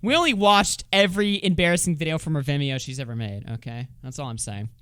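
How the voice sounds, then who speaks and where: A high-pitched man riffs sarcastically through a livestream, swearing often and reading posts aloud. His voice is recorded close and dry, with no room sound. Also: fast, a bit bright, smooth, no room sound. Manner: profane, sarcastic, reads comments aloud. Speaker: streamer. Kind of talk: casual livestream commentary.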